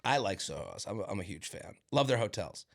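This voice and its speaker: A man co-hosting a podcast, telling an animated, rambling story in casual chat with lots of fillers and restarts. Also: lowish voice, fast, vocal fry. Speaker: podcast co-host.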